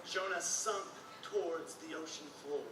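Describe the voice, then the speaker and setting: A man telling a Bible story to children with dramatic suspense, recorded from a distance in an echoey room with noise behind. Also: measured pace. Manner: dramatic storytelling, drops low and soft for suspense. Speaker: storyteller in a teaching video.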